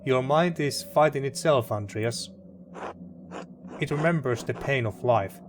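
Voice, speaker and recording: A man reading a calm, wise woman who guides the hero in a narrative game, in a quiet, measured voice. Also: medium pitch, background noise, natural voice.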